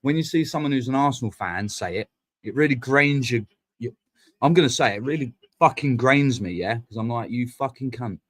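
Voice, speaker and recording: A man hosts a live stream, drifting from one thought to the next in loose, sweary football banter. His voice sits at an ordinary middle pitch for a man. He talks to his viewers in a casual, unscripted way. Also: lively intonation, fairly quick.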